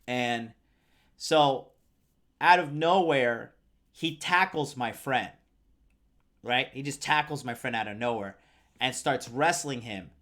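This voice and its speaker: A man's voice: mid-range voice, slow, long pauses, a bit bright. Young man, dating coach host, casual profane storytelling, rambling with fillers, mid-range voice. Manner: reads out viewer comments.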